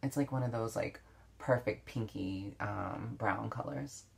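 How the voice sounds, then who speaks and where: A woman's voice: a bass voice, measured pace, creaky, husky. A woman beauty vlogger chatting casually while doing her makeup, reflective, with many fillers and restarts. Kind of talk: casual get-ready-with-me chat.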